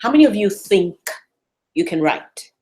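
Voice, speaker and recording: A woman from West Africa talks to a room full of people at a church learning session. Her pitch swings up and down as she presses them with question after question. She sounds encouraging and animated, and her voice sits at a middle height. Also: moderate pace. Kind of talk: motivational talk to a room.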